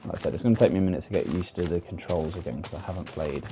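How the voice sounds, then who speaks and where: A British man with a very low, mellow voice talks through a gaming stream in a loose, rambling way, poking fun at himself and filling pauses with ums. He sounds close to a desk microphone, with faint game music underneath. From United Kingdom. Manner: chatty, self-deprecating, rambling with frequent fillers. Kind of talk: casual gameplay commentary.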